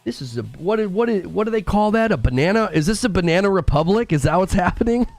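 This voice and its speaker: A man's voice: high-pitched, animated, quick pace, gravelly, no echo, soft background music. Indignant mock-paranoid male streamer. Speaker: gaming streamer. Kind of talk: comedic rant to live chat.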